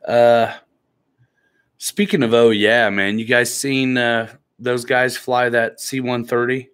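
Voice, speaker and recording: A man's voice: medium pitch, flat delivery, slow pace, fairly bright tone, clean tone. A man hosting a live stream in a laid-back, joking way, reading viewer comments aloud and teasing the people in the chat.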